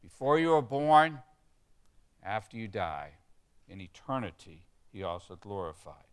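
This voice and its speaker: A man's voice: fairly low pitch, very animated, unhurried, smooth. A pastor preaching a sermon. He stresses key words and gets the congregation to repeat lines back to him. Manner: emphatic, leads the congregation in call-and-response.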